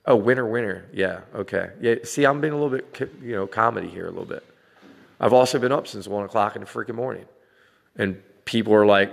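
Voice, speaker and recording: A man in his forties delivers a blunt, swear-laden vlog rant with a low, gravelly voice. His words ring out with a long reverb, as if spoken in a hard, echoing room. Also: fairly quick. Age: 40s. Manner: blunt, swearing, laughing between lines. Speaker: vlogger dad. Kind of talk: casual rant to camera.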